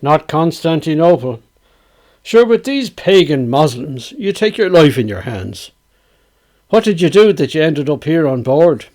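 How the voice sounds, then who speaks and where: A man with a Dublin accent voicing a blunt, mocking young sailor held as a galley slave, pitched higher and quicker than his own voice. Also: big pitch swings, a little mellow. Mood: teasing.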